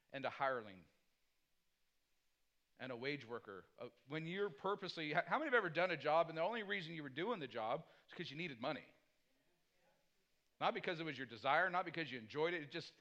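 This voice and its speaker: Mixing scripture with anecdotes from his own life, a male pastor preaches in a slightly high, fairly bright voice. He regularly checks in with "Amen?", and the audio is dull.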